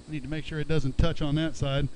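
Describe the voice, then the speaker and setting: A man's voice: on the high side, flat delivery, fast, darkish tone, a little hiss or hum, poor audio. A man emceeing an outdoor fishing weigh-in, announcing weights and chatting chummily with each angler. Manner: upbeat, chummy, calls anglers bud. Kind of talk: live announcing with banter.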